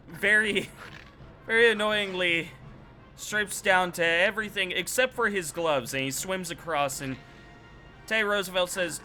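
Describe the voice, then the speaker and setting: A male streamer telling a loose, rambling story while he plays, correcting himself as he goes. His voice is bright and slightly high, with faint music behind. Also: a little slow. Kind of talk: casual storytelling while gaming.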